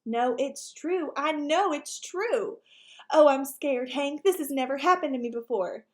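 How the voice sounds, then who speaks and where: A woman voicing a timid, jittery young male ranch dog with a high, anxious voice. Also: very animated, unhurried. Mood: panicked.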